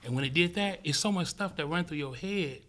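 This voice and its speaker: Male guest from Los Angeles, slightly higher voice, animated and profane storyteller who punches his story up with sound effects. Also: fairly quick, a little hiss or hum. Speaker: interview guest. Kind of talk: casual storytelling in conversation.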